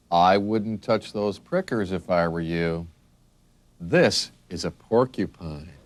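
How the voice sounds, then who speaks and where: A man's voice: on the low side, dry recording. A man narrating a children's learning video, asking friendly questions and spelling each word letter by letter. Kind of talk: scripted narration.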